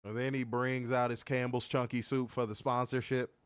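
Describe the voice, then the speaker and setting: A man co-hosting a casual wrestling review, profane and animated, reading viewer comments aloud. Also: medium pitch, moderate pace, clear, resonant tone. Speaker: podcast co-host.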